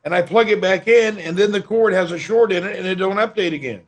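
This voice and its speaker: Brief: adult man, high voice, distracted and grumbling, livestream guest. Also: fast talker. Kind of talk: casual live-stream chat.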